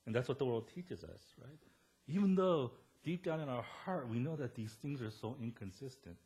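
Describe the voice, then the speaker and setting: Lively conversational man preaching. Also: mid-range voice, normal speed. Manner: conversational, joking with the congregation. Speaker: pastor. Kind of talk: sermon. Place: church service before a congregation.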